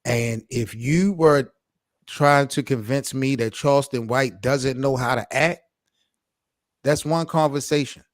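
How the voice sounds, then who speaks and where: A man's voice: medium pitch, unhurried, no room sound, studio quality. A man co-hosting a sports podcast, pushing back and challenging the others in casual debate. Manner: challenging, argumentative. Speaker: podcast co-host.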